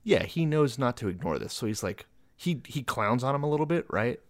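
A man's voice: mid-range voice, expressive, a little fast, dry recording. A man co-hosting a casual podcast, explaining in a wry, joking way. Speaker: podcast co-host. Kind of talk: casual chat.

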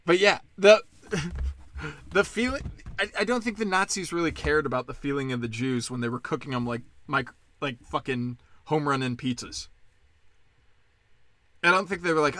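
A man's voice: on the high side, normal speed, pushed and bright, no room sound. A man ranting in a casual monologue, sarcastic and profane, slipping into mocking impressions.

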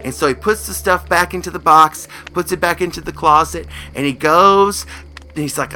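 A man's voice: a little high, normal speed, soft background music. A man telling a spooky story casually, acting out the characters. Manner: animated, acts out the characters' voices.

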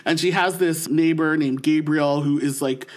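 A man's voice: a little high, steady tone, normal speed. A man co-hosting a podcast, chatting enthusiastically about shows, acting out quotes in a raised voice. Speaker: podcast co-host. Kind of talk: casual chat, pop culture recommendations.

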